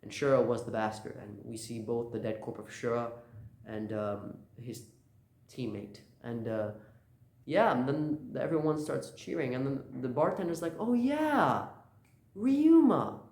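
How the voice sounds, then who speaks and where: A man's voice: mid-range voice, moderate pace, a little mellow. A man casually recapping a comic chapter, loose and rambling with lots of filler words. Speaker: channel host. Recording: roomy echo.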